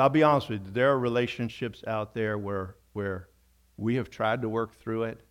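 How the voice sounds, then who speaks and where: A man preaching earnestly as a pastor, repeating key phrases for emphasis, then praying in a softer, slower voice. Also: lowish voice. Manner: softens to a quiet, slow prayer. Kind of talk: sermon closing in prayer.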